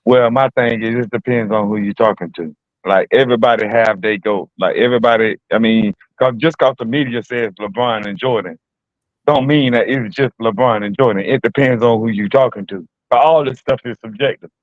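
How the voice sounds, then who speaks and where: A man's voice: mid-range voice, a little fast, dry recording. Man calling in over a tinny line. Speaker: caller. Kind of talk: casual call-in podcast.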